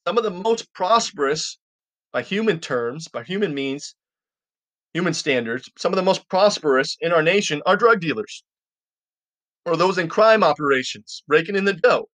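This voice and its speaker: A man with a voice pitched a little above average leads a podcast Bible teaching. He reads scripture aloud and then unpacks it in loose, everyday language, talking to his listeners in a friendly, informal way. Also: animated, moderate pace, fairly bright tone, no room sound. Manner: reads scripture, then explains it in plain casual talk; informal, addresses listeners as "you guys".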